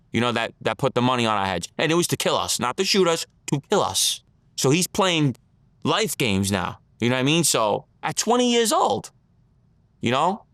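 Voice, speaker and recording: A man's voice: fairly high pitch, a bit bright, no echo, studio quality. A man telling his story as an interview guest, in blunt street talk, acting out the lines of others.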